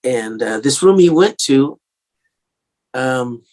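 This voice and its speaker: A man's voice: mid-range voice, lively intonation, slow pace, a little mellow. A man with a slightly English-tinged American accent, a singer-songwriter telling stories in a casual interview, rambling with many fillers and restarts.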